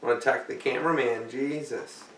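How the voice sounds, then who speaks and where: A man's voice: medium pitch, steady tone, fairly quick, a bit bright, a little hiss or hum. Tired guy rambling and swearing on his vlog, kinda far from the mic, echoey room. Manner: rambling, profane and jokey. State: tired, yawning. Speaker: vlogger.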